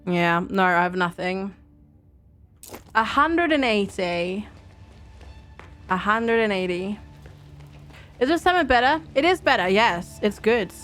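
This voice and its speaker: Young woman, streamer, thinking aloud, slow, faint game music. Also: medium pitch, animated, fairly bright tone. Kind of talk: casual game commentary.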